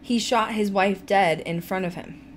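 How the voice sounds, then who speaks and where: A woman hosting a paranormal podcast, talking in an animated, ranting way and laughing often. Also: medium pitch, unhurried, a little hiss or hum. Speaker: podcast host. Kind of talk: casual chat.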